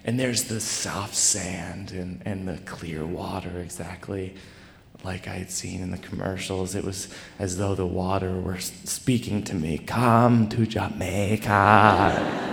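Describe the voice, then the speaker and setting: A man's voice: low-pitched, flat delivery, gravelly, a little hiss or hum. Self-deprecating man telling a story on stage. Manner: rambling, self-deprecating, halting restarts. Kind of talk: live personal storytelling. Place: stage in a large hall. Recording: echoey live hall recording.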